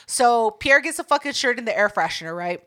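Young woman podcaster, high and bright, swears a ton telling stories. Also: brisk. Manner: profane, animated storytelling. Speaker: podcast co-host. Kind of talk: casual podcast chat.

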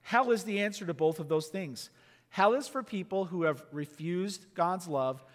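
Earnest high-voiced male preacher. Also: normal speed, big-room sound. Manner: earnest, emphatic, drops to quiet intensity. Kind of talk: sermon teaching.

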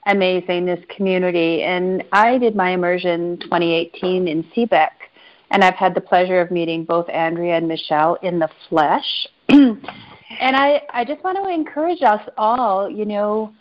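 A woman's voice: on the low side, moderate pace. Woman chiming in on a call. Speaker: call participant. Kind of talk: casual sharing on a group call. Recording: lo-fi call audio.

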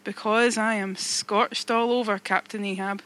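Woman doing a tired old blacksmith, slow calm resigned, bright voice, audiobook. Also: medium pitch, lightly acted. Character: scarred weary old blacksmith, man.

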